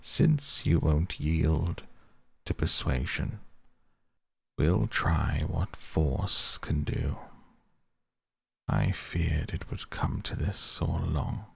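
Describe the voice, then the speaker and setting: A man voicing a stern, dignified old male badger who speaks gravely and firmly. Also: low-pitched, steady tone, a little mellow, dry recording, heavily acted. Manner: grave, firm and measured.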